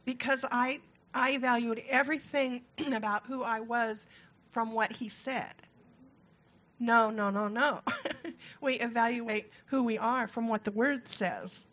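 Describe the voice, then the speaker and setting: Woman, marriage seminar co-host, slow and reflective, higher voice, muffled lo-fi sound. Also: a bit bright. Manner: slow, reflective, clears throat. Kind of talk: seminar teaching. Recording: dull lo-fi recording.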